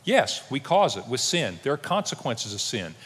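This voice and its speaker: A man's voice: medium pitch, very animated, normal speed, fairly bright tone, slightly rough. A male pastor delivers a sermon, bringing each story to life by acting out the voices he quotes. His voice rises and falls a lot. It carries with a long reverb, as if filling a large church sanctuary.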